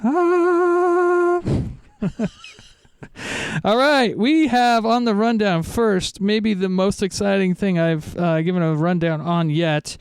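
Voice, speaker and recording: Upbeat smooth-voiced podcast host man. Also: high voice, a little slow, hardly any pauses, no echo, studio quality. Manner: enthusiastic, laughs often, restarts words. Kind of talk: casual podcast chat.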